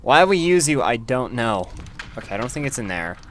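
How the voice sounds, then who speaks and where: A man giving casual commentary over his own gameplay, chatty and quick to exclaim when things go wrong. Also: mid-range voice, very animated, slight background noise. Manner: chatty, easily frustrated, exclaims at setbacks.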